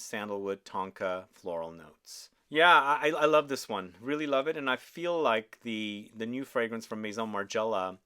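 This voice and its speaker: A man's voice: medium pitch, fairly bright tone. Enthusiastic man reviewing perfumes. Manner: enthusiastic, often asks viewers questions. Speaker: fragrance reviewer. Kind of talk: casual product review.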